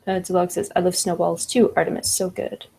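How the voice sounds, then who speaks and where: A woman's voice: lowish voice, little pitch movement, a little fast, creaky, mellow, husky. A woman hosting a livestream, reading chat comments aloud and chatting casually with lots of laughs. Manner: laughs often, fillers like "like" and "I don't know".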